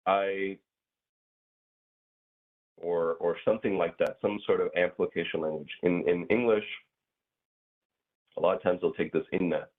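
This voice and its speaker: A man with a very low voice gives a relaxed class explanation, hedging and restarting as he goes. His voice is husky and comes through a thin, tinny call line. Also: moderate pace, long pauses. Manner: hesitant, many fillers and restarts. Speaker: grammar teacher. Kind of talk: casual online class explanation.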